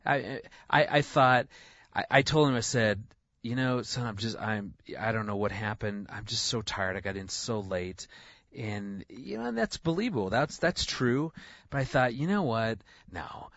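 A man's voice: lowish voice, normal speed, fairly bright tone, dry recording, lo-fi sound. A man, a guest on a radio show, speaking earnestly about parenting, with frequent restarts. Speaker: guest, marriage and family counselor. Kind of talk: radio interview.

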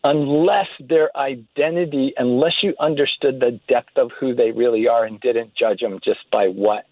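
A man telling a story casually, halting often with fillers and restarts. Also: medium pitch, fairly even intonation, dry recording. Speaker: interview guest telling a story. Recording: tinny phone-line sound, dry.

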